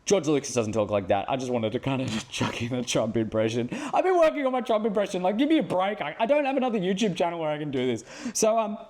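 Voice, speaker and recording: Man, co-host, goofy jokey banter, fairly high voice, very lively pitch. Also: quick pace, hardly any pauses. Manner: jokey, goofy, playful asides. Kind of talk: comedic casual banter.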